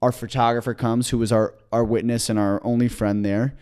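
A man in mid pitch tells a long story on a comedy podcast, excited and rambling. He restarts his sentences often and keeps the chat loose. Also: fairly quick, clean tone. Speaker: podcast co-host.

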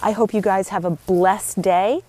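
A woman's voice: mid-range voice, fairly even intonation, unhurried, a little mellow, slight background noise. A woman life coach giving an earnest, emphatic motivational talk and repeating her key phrases. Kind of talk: motivational daily talk to camera.

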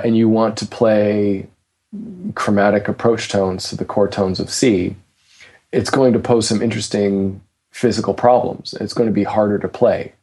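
Male jazz teacher, low voice, halting talk full of restarts, relaxed conversation. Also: husky. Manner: hesitant, many restarts, laughs easily. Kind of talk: casual conversation about practice.

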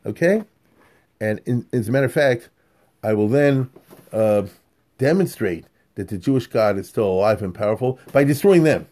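A man leads a Torah class in an easy, digressive way, often breaking off to check that his listeners are following. His voice sits at a middle pitch with a dark, mellow tone, and he chuckles now and then between points. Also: lively intonation, normal speed. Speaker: Torah teacher. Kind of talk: conversational scripture class.

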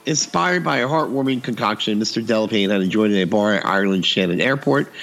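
A man's voice: lowish voice, animated, fast, fairly bright tone. A man casually telling a funny story on a podcast, acting out the dialogue and laughing often.

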